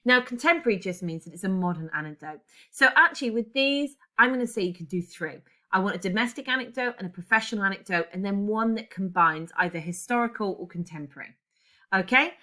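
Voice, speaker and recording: A woman's voice: mid-range voice, expressive, brisk, bright, forceful tone. A woman in her forties teaching a class, chatty and digressive, often correcting herself as she goes. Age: 40s. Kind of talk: classroom lesson.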